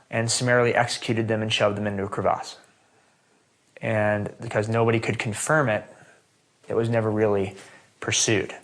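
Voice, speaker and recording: A man in an interview, earnestly recounting and questioning his own past actions. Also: mid-range voice. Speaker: interviewee, expedition member. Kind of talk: reflective interview testimony. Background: music.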